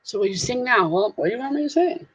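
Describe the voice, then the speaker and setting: A woman's voice: fairly high pitch, lively intonation, quick pace, breathy edge. A middle-aged woman with a Southern US accent hosting a casual live stream, reading comments in a goofy, giggly, playful way. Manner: goofy, giggly, playful sing-song voices. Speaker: live stream host, reseller. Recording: slightly dull lo-fi stream audio.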